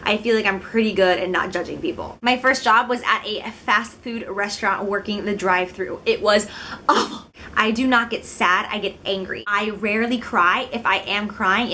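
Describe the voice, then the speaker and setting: This twenty-something beauty vlogger from Illinois, United States, has a mid-range, sharp-toned voice, and the recording carries a little hiss or hum. She chats casually to the camera, giggling and self-deprecating.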